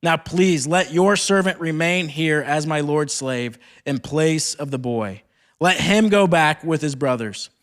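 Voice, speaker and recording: A young man with a notably high voice giving a sermon at a retreat. He moves between reading scripture aloud and retelling the story in loose, chatty speech full of "like". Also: unhurried, fairly bright tone. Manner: casual retelling peppered with "like". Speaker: speaker at a campus ministry retreat.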